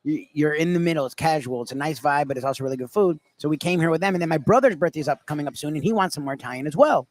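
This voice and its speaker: A man's voice: fairly high pitch, rapid-fire, few pauses. A man chatting casually as a guest, laughing easily and rambling through anecdotes. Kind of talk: casual chat.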